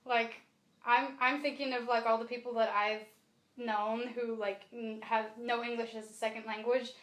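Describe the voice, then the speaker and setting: A woman co-hosting a podcast talks about a book in a casual, animated way, full of fillers and restarts. Her voice sits high. The sound has a roomy echo. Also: moderate pace. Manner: chatty, animated, many fillers. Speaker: podcast co-host. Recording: echoey room.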